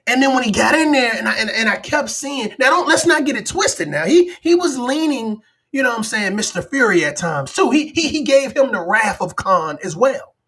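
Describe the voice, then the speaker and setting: A man's voice: extremely high pitch, animated, moderate pace, pushed and bright, breathy edge. A man hosting a live-stream talk show, chatting casually and animatedly, often acting out other people's voices. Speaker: livestream show host.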